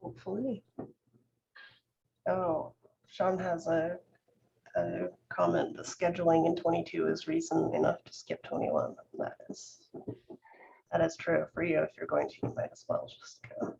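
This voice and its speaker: A co-host on a live software show who reads viewer comments aloud and chats in a relaxed, wry way, laughing easily. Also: medium pitch, moderate pace, gravelly. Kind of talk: casual conversational livestream chat. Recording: dull lo-fi audio with faint noise.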